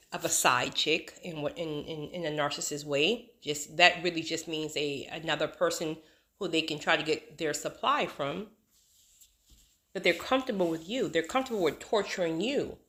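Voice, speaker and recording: A YouTube channel host talks casually to her subscribers in a vlog, speaking with emphasis and repeating herself for rhetorical effect. Her voice sits on the low side and has a sharp edge.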